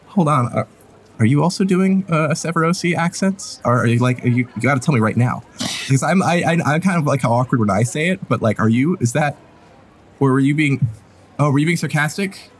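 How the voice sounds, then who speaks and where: A man's voice: fairly high pitch, animated, breathy edge. A man running a tabletop game as game master, rambling and apologetic. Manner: rambling, apologetic, quick to laugh.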